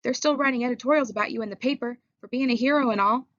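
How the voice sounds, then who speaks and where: A woman's voice: a little high, very fast, fairly bright tone, dry recording, muffled recording, voice pushed up, close to an everyday voice. A woman voicing a hotheaded tough greaser boy. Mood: forced cheer. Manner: urgent, clipped and commanding. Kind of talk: audiobook character voice.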